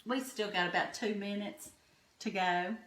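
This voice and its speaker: A woman's voice: medium pitch, unhurried. Middle-aged Southern woman, home cook host, folksy storytelling, roomy kitchen sound. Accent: Southern American. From Southern United States. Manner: homey, chatty, warm-hearted storytelling. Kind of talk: folksy cooking chat. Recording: echoey kitchen room.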